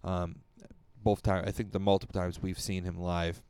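A man co-hosting a casual music podcast, talking in a rambling, profane way with lively jumps in pitch. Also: moderate pace, clear, resonant tone. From Rochester, New York. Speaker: podcast co-host. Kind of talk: casual chat.

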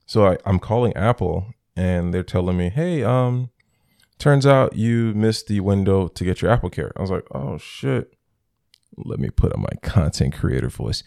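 Low gravelly young man telling stories. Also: normal speed, no room sound, studio quality. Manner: animated storyteller, acts out both sides of phone calls. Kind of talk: casual storytelling chat.

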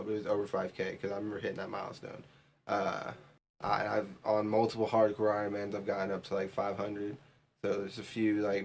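Gravelly low-voiced laid-back man. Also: slight background noise. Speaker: podcast co-host. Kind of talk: casual chat.

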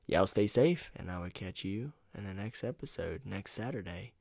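A man's voice: low-pitched, animated, moderate pace, creaky, a little mellow, no room sound, clean studio sound. A man hosting his own solo podcast, rambling in a casual, profane, laid-back way into a USB microphone at home. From North Carolina. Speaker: podcast host.

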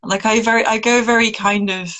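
A woman's voice: on the high side, steady tone, fairly quick, a bit bright, poor audio. A woman guest in a casual interview, bashful and amused. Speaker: musician guest.

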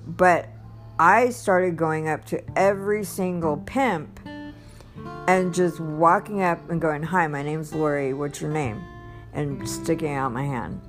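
A woman telling her personal testimony in a casual, rambling way, with many restarts and bursts of laughter. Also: low voice. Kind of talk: casual storytelling.

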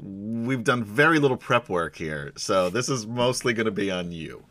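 A man's voice: fairly low pitch, animated, moderate pace, a bit bright. A man running a tabletop fantasy game as game master, narrating and joking at his own expense. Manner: jokey, self-deprecating, many fillers.

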